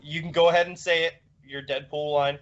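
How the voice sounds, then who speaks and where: Male podcast co-host, casual and halting, slightly raised pitch, dull audio. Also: flat delivery. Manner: rambling, many fillers and restarts. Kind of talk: casual chat.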